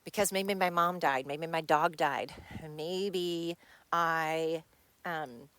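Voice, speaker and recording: A woman's voice: sits low, slow pace, a bit bright, smooth, no room sound. Middle-aged woman podcaster, blunt and swearing, dry close-miked sound. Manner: blunt, frustrated, swears freely. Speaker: podcast host. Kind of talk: personal monologue. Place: home. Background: dog nearby.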